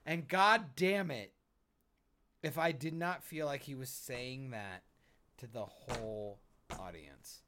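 An excitable man gushing over a show, his voice swooping all over the place yet unhurried and drawn out. He is emphatic and swears freely, and thumps the desk near the mic as he talks. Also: fairly high pitch, slight background noise. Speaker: podcast co-host. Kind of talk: casual pop-culture chat. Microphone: desk mic, bumped while he hits the desk.

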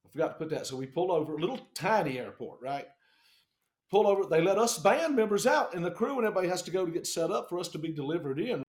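A man in a band telling a tour story in a casual, animated, profane way, acting out the people he quotes. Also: on the high side, echoey room.

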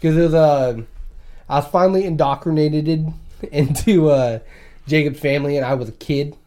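A man's voice: on the high side, fairly even intonation, moderate pace, mellow. A young man telling crude stories in casual chat, swearing and laughing as he talks. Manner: profane, laughing storyteller.

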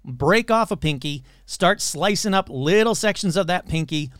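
A man's voice: high voice, lively intonation, normal speed, a bit bright, smooth, no room sound, studio quality. A man hosting a paranormal podcast in casual, sarcastic chat, swearing freely and slipping into mocking voices. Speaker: podcast host.

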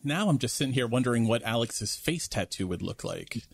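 A man's voice: medium pitch, expressive, fairly quick, slight background noise. A man co-hosting a podcast, introducing his guest in a playful, joking way. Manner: playful and jokey. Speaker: podcast co-host.

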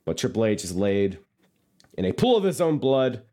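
A man with a low but very animated voice talks through a wrestling recap in loose, rambling podcast chat. He mocks himself often and laughs easily. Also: moderate pace. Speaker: podcast co-host.

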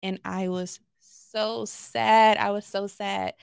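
A woman's voice: medium pitch, flat delivery, slow, creaky, clear, resonant tone, dry recording, studio quality. A woman from Los Angeles, a therapist, telling candid stories as a podcast guest with many fillers. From Los Angeles, USA. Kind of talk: podcast conversation.

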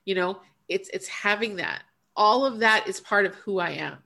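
A woman's voice: medium pitch, moderate pace, creaky, pushed and bright. A woman podcast co-host and coach in casual spiritual chat, earnest and reflective, speaking emphatically and often restarting her sentences.

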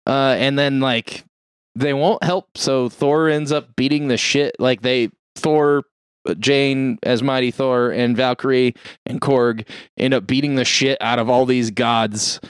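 A man's voice: mid-range voice, steady tone, unhurried, clear, resonant tone, no echo, clean studio sound. A man casually recapping a movie for friends, rambling with lots of fillers and swearing. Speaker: podcast co-host recapping a movie.

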